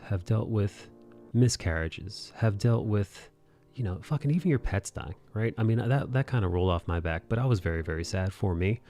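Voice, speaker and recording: A man's voice: fairly low pitch, creaky, dark tone. A man hosting a live art stream, ranting casually, swearing freely and acting out mocking quotes. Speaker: livestream host drawing and chatting.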